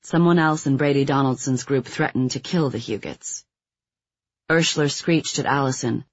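Guy reading an audiobook, kinda husky voice, dry close mic, a bit dull sounding. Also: medium pitch, no room sound. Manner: even, measured reading; quotes read with little acting. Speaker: audiobook narrator. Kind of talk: scripted nonfiction narration.

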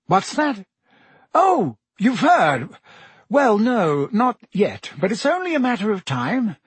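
A man's voice: high-pitched, wildly swooping pitch, slow, breathy edge, no room sound, pitched above the performer's own voice, full character voice. A man voicing a blustering middle-aged wizard minister who talks in a hearty, bluff and evasive way. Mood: flustered.

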